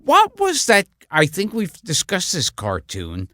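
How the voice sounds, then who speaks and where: A man co-hosting a podcast, telling slow deadpan anecdotes between big laughs. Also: sits high, no echo. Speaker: podcast co-host. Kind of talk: casual podcast chat.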